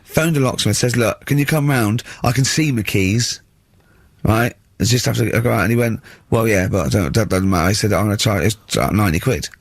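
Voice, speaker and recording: A man's voice: fairly low pitch, brisk, no room sound. Wry man telling anecdotes. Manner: wry anecdotes, quoting people in voices. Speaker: radio co-host. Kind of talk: casual radio banter, storytelling.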